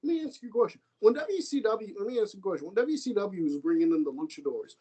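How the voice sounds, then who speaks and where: Husky american guy ranting on a wrestling podcast, swears a ton, repeats himself. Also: high voice, animated, quick pace, mellow, rough recording. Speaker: podcast co-host. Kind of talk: casual wrestling podcast chat.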